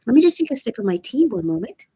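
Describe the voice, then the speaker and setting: A woman hosting a live-streamed spiritual talk, with a raspy voice and an earnest, preachy manner that repeats phrases for emphasis. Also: on the high side, big pitch swings, quick pace, dark tone, no room sound. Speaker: channel host.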